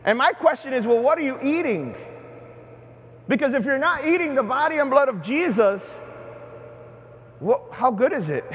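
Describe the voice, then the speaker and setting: Middle-aged male bishop, lively sermon delivery, very high pitch, cathedral reverb. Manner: animated preaching, questions to the congregation. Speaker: bishop preaching at Mass. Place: large cathedral.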